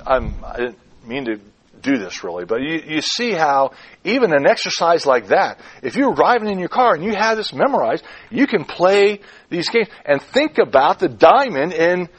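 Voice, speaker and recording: Male preacher, a little high and husky, animated delivery that circles back on its own words. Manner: animated, repeats and muses over words. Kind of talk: sermon. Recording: clip-on mic.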